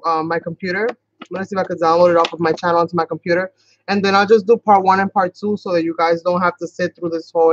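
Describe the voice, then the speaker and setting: Hosting her craft channel's tutorial livestream, a woman from New York whose accent sounds like Boston chats and rambles casually, at times speeding up. She has a medium-pitched voice, and the audio is muffled.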